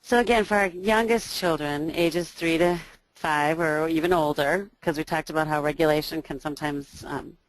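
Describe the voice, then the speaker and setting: A woman, an early childhood teacher, giving a training talk to educators with a booming voice, listing strategies with frequent ums and you knows. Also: moderate pace, dry recording, poor audio. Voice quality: loud, booming voice.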